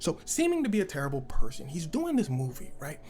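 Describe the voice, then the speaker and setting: A man's voice: a little high, wildly swooping pitch, fairly quick, mellow. A young man hosting a comedic commentary video, telling a story and mimicking the people in it with exaggerated voices. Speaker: commentary host. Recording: faint background music.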